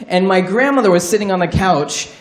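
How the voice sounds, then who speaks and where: On stage at a storytelling show, a man with a high-pitched, brisk voice tells a wry, candid, profanity-laced comedic story. The recording has the roomy sound of a live venue.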